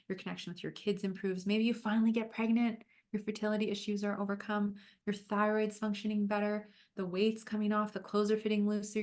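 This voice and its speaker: A woman health coach talking warmly to her viewers on a livestream, moving from a program pitch into a guided visualization. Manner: upbeat and encouraging.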